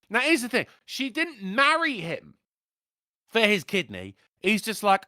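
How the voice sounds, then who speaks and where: A man hosts a casual, crude livestream chat, rambling through stories with animated jokes. His voice is bright and swings up and down a lot. The sound is dry and close. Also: sits high, unhurried, no room sound. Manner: rambling, animated, jokey storytelling. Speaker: livestream podcast host.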